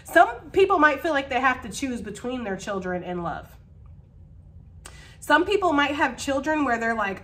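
A woman's voice: high voice, sing-song, normal speed, a bit bright. Chatty woman giving a tarot reading. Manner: chatty, laughs often, swears casually. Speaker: tarot reader. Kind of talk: casual tarot reading monologue.

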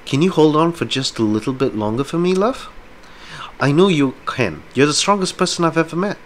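A man reading aloud, voicing a calm, caring man who soothes a distressed friend in a soft, reassuring tone with casual slang. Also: fairly high pitch, brisk, slight background noise, pitched above the performer's own voice, natural voice. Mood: gentle.

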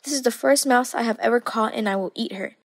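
A woman's voice: on the high side, fast talker, dry recording. Woman reading a stubborn little kitten, growling, storybook voice, dry sound. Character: stubborn young female kitten.

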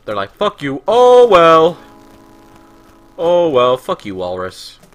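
A man's voice: deep voice, bright, forceful tone. A man hosting a let's play, telling stories in casual gameplay commentary and ranting with a lot of swearing. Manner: profane, ranting storyteller.

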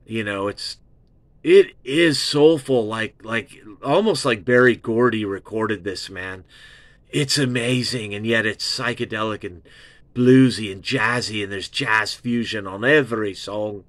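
A man's voice: fairly low pitch, measured pace, dry recording. Gushing man raving about records. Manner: gushing, excitable, repetitive, swears freely. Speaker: host of an album review show. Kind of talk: rambling casual album review.

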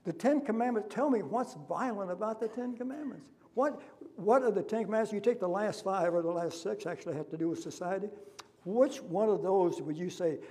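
A man's voice: high voice, a little fast, warm tone. A man preaching a sermon as pastor, impassioned and full of rhetorical questions, in a church. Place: church sanctuary.

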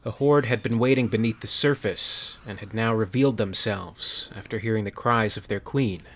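Brief: male narrator, low voice, measured dramatic reading. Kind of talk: sci-fi story narration.

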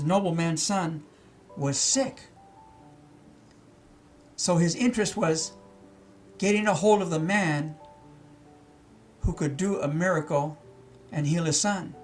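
A middle-aged male pastor teaching scripture verse by verse, repeating key words and asking his listeners questions. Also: sits high. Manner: reads verses then explains them, with many repeats and questions to the listeners. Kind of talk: slow Bible-teaching sermon.

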